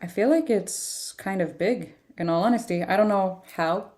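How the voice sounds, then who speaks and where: A woman's voice: medium pitch, moderate pace, darkish tone. A tired woman giving a casual livestream tarot reading, chatting in a rambling way and laughing often. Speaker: tarot reader.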